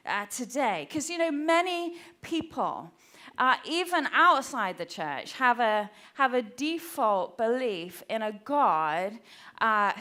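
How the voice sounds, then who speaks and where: A woman's voice: a little high, a bit bright. A woman pastor, preaching a sermon in a chatty, self-deprecating way with lots of fillers. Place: church.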